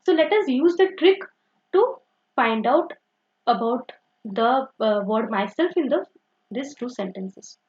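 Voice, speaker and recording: This grammar teacher is a young woman whose high, very animated voice swings up and down. She is patient and repetitive, often self-correcting and padding pauses with "okay" and "so." The sound quality is dull and lo-fi.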